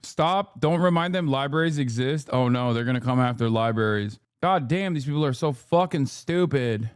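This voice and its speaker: A man with a medium-pitched voice talks at a moderate pace on a stream, and the studio-quality sound is clean with no echo. Reacting to news clips, he chats casually, swears a lot and fires off heated rhetorical questions.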